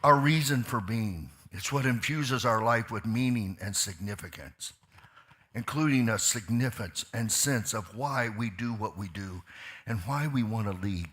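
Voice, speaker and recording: A man preaching a sermon as a pastor in a church, swinging from quiet asides to loud, fired-up preaching and putting repeated questions to his listeners. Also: fairly low pitch, unhurried. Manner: asks the crowd questions, repeats lines for emphasis. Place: church sanctuary.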